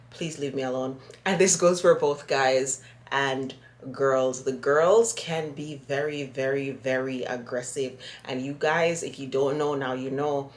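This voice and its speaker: A woman vlogging casually to camera, blunt, sassy and emphatic. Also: extremely low pitch. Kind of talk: casual direct-to-camera vlog. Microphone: phone or compact camera.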